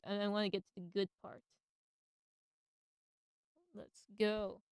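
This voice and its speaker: A woman's voice: mid-range voice, flat delivery, slow, heavy background noise. A woman hosting a casual radio monologue, enthusiastic and slangy. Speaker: radio host.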